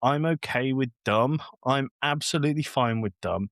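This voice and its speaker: This co-host rants about a film in a casual, exasperated podcast chat, acting out its lines along the way. His voice sits at medium pitch, a bit bright, at a moderate pace. The clean studio recording is dry.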